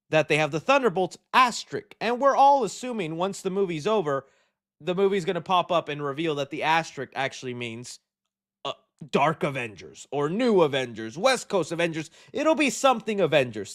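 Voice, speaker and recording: A young man hosting a casual movie chat show, excitable and jokey, rambling as he goes. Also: a little high. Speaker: show host.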